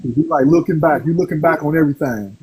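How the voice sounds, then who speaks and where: A man co-hosting a casual chat, talking loudly and warmly in slang. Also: on the high side, fast, husky. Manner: loud, friendly, slangy.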